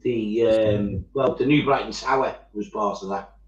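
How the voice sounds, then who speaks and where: Casual male host, mid-pitched and chatty, prone to storytelling, recorded in an echoey, muffled room. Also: a little slow, slight background noise. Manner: animated storytelling, swears freely, acts out quoted voices. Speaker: miniature painting streamer. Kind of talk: casual chat. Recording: echoey, dull-sounding room.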